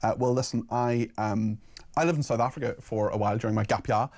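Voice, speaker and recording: A Northern Irish man hosts a talk radio show, reading out listener messages. He chats informally at a mid pitch, with plenty of fillers and restarts. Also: steady tone, quick pace, darkish tone. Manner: chatty and informal, with frequent fillers.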